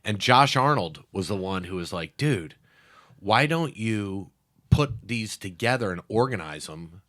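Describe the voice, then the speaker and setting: A man tells stories in a casual interview, with a bright, forceful tone. He acts out the quotes in his tales in a loud voice and laughs as he talks. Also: lowish voice, expressive, a little slow. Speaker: comedian guest. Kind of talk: animated storytelling in a casual interview.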